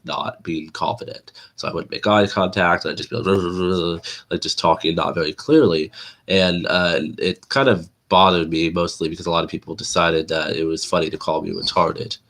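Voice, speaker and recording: A man's voice: deep voice, gravelly, a bit bright. A man hosting a casual livestream, talking with a nasal sound in a loose, chatty way full of fillers and restarts. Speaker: livestream host. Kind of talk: casual rambling livestream talk.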